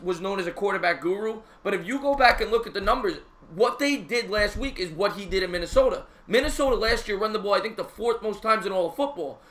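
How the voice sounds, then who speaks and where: Man, high voice, fast talker, casual football chat, reads live chat. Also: pushed and bright, slight background noise. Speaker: sports podcast co-host.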